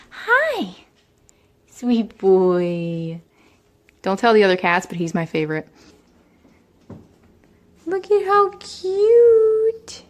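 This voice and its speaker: A young woman casually introducing her pet cats at home, chatty, sometimes slipping into high baby talk for them. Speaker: vlogger. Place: home, indoors.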